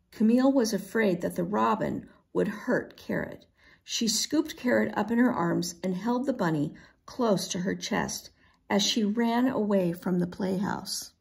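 A woman reading a children's chapter book aloud, expressive and unhurried. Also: mid-range voice, gravelly. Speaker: storybook reader. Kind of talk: children's read-aloud narration.

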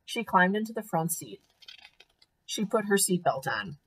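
A woman teacher reading a storybook aloud to young children, with expressive, clear storytelling. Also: on the low side, measured pace.

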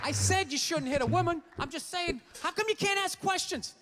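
A man's voice: very high voice, fairly quick, fairly bright tone, some chatter behind. A man performing a stand-up comedy routine, ranting with exasperated, profane frustration. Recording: live stage recording in a large hall.

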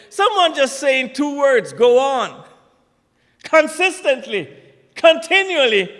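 Male pastor, very high voice, unhurried delivery, emphatic sermon, church reverb. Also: pushed and bright. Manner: emphatic, preaching with rising declarations. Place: church sanctuary. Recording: church sanctuary with long reverb.

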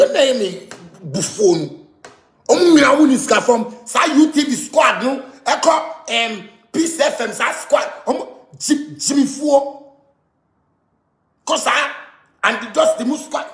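A Ghanaian man ranting loudly on a live stream, mixing pidgin and local words and often shouting. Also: extremely high pitch, expressive, a little slow, pauses often, reverberant. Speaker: musician speaking to fans. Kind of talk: animated live-stream rant.

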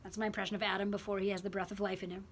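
A woman teaching a religion class in a classroom, talking in an animated, emphatic way and repeating words for effect. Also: medium pitch, very fast, slightly rough. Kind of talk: classroom lecture.

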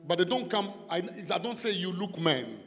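High-pitched male pastor with broken English, shouts and direct questions, echoing church hall. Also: animated, normal speed, faint music behind. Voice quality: non-native English with broken grammar. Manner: preaching with sudden shouted calls and repeated questions to the listener. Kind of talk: deliverance sermon.

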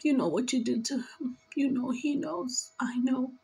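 A tearful woman speaks through an emotional spiritual reading, her voice pitched high. She talks slowly and earnestly, pleading and scolding by turns. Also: gravelly, a little mellow, husky, rough recording. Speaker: spiritual reader.

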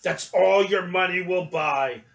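Mean old shopkeeper with a gravelly, grumbling voice, voiced by a man. Sounds far off the mic. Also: a little high, level tone, unhurried, sharp tone, roomy sound, dull audio, heavily acted. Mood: grumpy. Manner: harsh, grumbling.

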